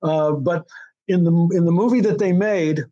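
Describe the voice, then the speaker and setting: An older American man recalls events in a casual interview, his voice sitting a little high for a man. He rambles, restarting his sentences and filling pauses with "uh" and "um". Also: warm tone, highs cut off. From United States. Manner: rambling with many restarts and fillers. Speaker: TV writer-director being interviewed.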